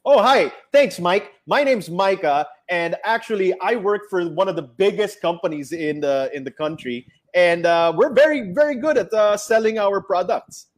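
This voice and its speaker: A man's voice: sits high, animated, normal speed, hardly any pauses. A man with a Filipino accent acting out an over-friendly, rehearsed corporate salesman who sounds condescending. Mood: smarmy.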